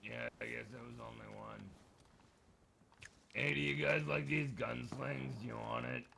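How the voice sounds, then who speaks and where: A man with a heavy gravelly rasp and a bright, forward tone banters with other players during a game. He teases and swears freely in a loose, easygoing way. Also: mid-range voice, fairly even intonation, unhurried, a little hiss or hum. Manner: joking, teasing, swears freely. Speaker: streamer. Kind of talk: casual game voice chat.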